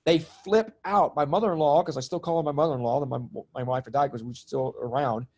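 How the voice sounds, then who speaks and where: A middle-aged man telling personal stories in conversation, lively and laughing often, acting out the voices of people in them. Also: on the high side, fast talker. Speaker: guest, spiritual comedian and healer. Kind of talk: animated storytelling in conversation.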